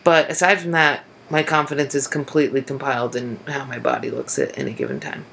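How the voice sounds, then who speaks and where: A woman's voice: a bass voice, animated, brisk, creaky, fairly bright tone, a little hiss or hum. A young woman comedian co-hosting a podcast, chatting casually in a rambling way, swearing freely and acting out quotes. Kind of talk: casual chat.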